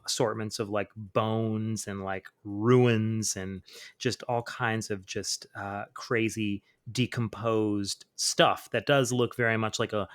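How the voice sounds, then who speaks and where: This podcast host has a lowish, fairly bright voice and chats casually about comic books with lots of fillers. Between laid-back asides, he reads quoted lines with dramatic flair.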